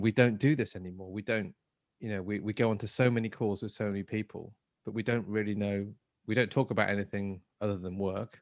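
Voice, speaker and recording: A man's voice: fairly low pitch, dry recording. A man co-hosting a podcast from home, chatting casually and playfully with many restarts. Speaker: podcast co-host and agile trainer. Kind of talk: casual chat.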